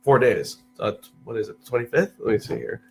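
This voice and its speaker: A man's voice: a little fast, vocal fry, over music. A young man, telling stories in casual chat, full of restarts and acted-out quotes. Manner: animated, restarts often, acts out quotes in a higher voice. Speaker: podcast guest.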